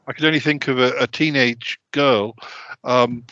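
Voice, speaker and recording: Stammering male podcast host, mid-pitched, in a dry, slightly muffled home recording. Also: fairly even intonation, normal speed, bright, forceful tone, dry recording. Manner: stammering, flustered. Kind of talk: improvised comedy audio drama.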